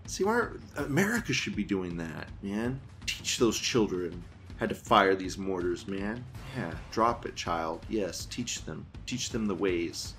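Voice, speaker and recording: A man hosting a commentary show, reading viewer comments aloud and reacting in a crude, mocking way with frequent laughter. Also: deep voice. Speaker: host of a news commentary show.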